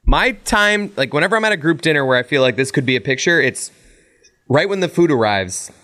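A man co-hosting a podcast, chiming in with quick reactions and asides in casual chat. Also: on the high side, lively intonation, pushed and bright. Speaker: podcast co-host.

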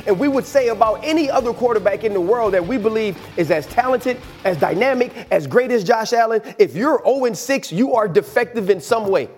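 Man, sports analyst, high voice, fiery, rhetorical, gets loud. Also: lively intonation, a little fast, hardly any pauses. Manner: fiery, rhetorical, builds to shouting. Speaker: former player analyst. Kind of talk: sports debate show.

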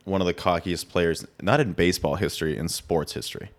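Low-voiced joking male podcast host. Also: fairly quick. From United States. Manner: joking, laughs often, jumps into high put-on voices. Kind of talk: casual sports chat. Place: hotel or studio room, recording away from home.

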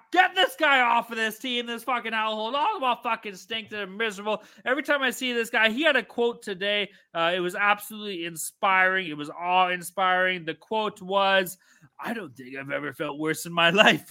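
A man co-hosting a hockey betting podcast, ranting loudly with constant profanity and brash trash talk. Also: high-pitched. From Canada. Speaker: podcast co-host. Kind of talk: profane sports betting rant.

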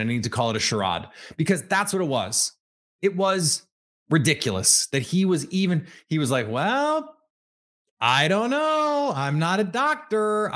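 Solo sports-pod host, male, a touch higher-pitched than most men, chatty and wry, sarcastic when needed. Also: fairly bright tone. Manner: conversational, thinks aloud, wry and sarcastic asides. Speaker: podcast host and team beat writer. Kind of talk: solo sports podcast commentary.

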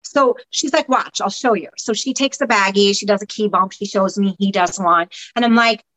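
A woman guest on a podcast, candidly recounting her past in an animated, casual way, sometimes swearing and acting out what others said. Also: medium pitch, moderate pace, rough recording. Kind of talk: candid personal storytelling.

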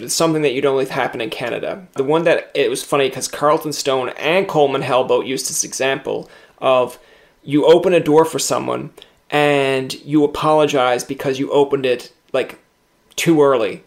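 A man hosts a relaxed interview, telling stories with animation. He often slips into other people's voices to act out quoted lines. His pitch sits in the middle range for a man. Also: normal speed, vocal fry. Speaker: interview host. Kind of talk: casual interview chat.

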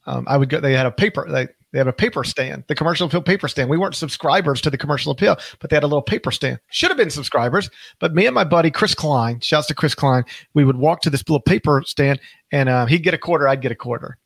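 A man's voice: a little high, expressive, fast talker, vocal fry, slightly rough, no room sound. A middle-aged man hosting a podcast, talking casually, rambling and correcting himself, stressing key words. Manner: rambling, self-correcting, emphatic. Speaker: podcast host.

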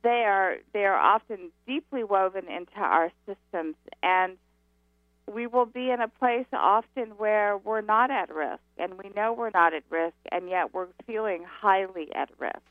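A woman guest on a talk radio show calls in and explains spiritual ideas at an unhurried pace. She stresses her key words and lets her phrases land one by one. Her voice comes through a narrow, tinny phone line with a dry, close sound. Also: medium pitch, no echo. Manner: slow, emphatic teaching. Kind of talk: radio interview.

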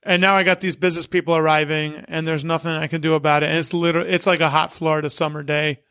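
A man, an event promoter, telling lively stories as a guest on a podcast and acting out what people said. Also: a little high, quick pace, clean tone, no room sound, clean studio sound. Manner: animated anecdote-teller who acts out quotes. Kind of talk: casual interview storytelling.

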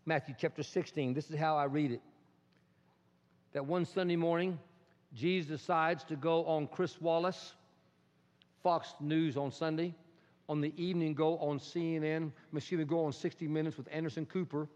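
Higher-voiced male preacher, animated, loud-to-hushed swings, dull recording. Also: normal speed, pauses often. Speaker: pastor. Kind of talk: sermon. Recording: dull sound in a reverberant hall.

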